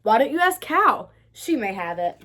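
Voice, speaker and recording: A woman's voice: fairly high pitch, sing-song, normal speed, bright, forceful tone. A woman voicing a startled farm dog in a storybook reading.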